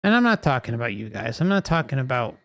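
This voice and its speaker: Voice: mid-range voice, big pitch swings, quick pace, fairly bright tone, no room sound, highs cut off. A livestream host delivering an impassioned, profane rant full of rhetorical questions.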